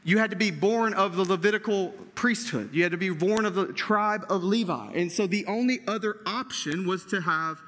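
A man's voice: sits high, moderate pace, hardly any pauses, a bit bright, big-room sound. A man preaching a sermon as pastor, earnest, with frequent restarts and rhetorical questions.

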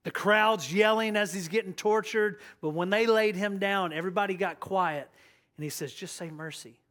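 A young man preaching a sermon as pastor, passionate and urging, dropping to a hushed voice when he tells a story or prays. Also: high-pitched, moderate pace.

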